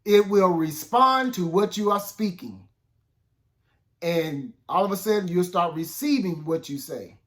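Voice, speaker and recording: A man's voice: high-pitched, animated, measured pace. A man giving an informal spoken sermon as a minister, talking conversationally and checking in with "okay?" and "guess what?".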